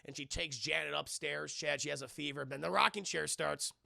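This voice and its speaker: A man giving an excitable, profane scene-by-scene spoiler review of a film on a live stream, acting out quotes along the way. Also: a little high, a little fast, vocal fry, dry recording, studio quality.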